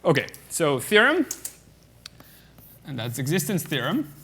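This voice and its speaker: A man's voice: fairly high pitch, wildly swooping pitch, measured pace, bright, forceful tone, husky. A man giving a mathematics lecture at a conference, explaining step by step with many fillers and often checking the audience with "okay?".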